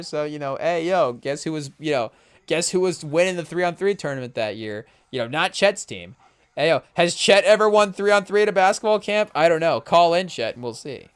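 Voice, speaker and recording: A man hosting a podcast, reacting excitedly and rambling through casual live commentary on a game, with lots of "hey, yo" interjections. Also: on the high side, a little fast, clear, resonant tone. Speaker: podcast host.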